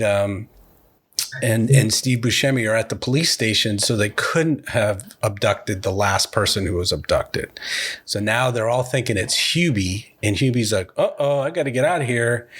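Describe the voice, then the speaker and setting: A man hosting a movie podcast, retelling the plot in a relaxed, step-by-step way and handing questions to his guest. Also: lowish voice, normal speed, breathy edge. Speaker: podcast host. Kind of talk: casual podcast chat.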